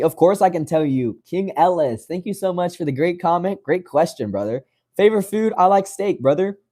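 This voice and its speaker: Young livestream host from West Virginia, slightly high voice, easygoing, keeps calling viewers brother. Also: male voice, dark tone. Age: 20s. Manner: friendly, calls viewers brother, laughs often. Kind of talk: casual livestream chat reading comments.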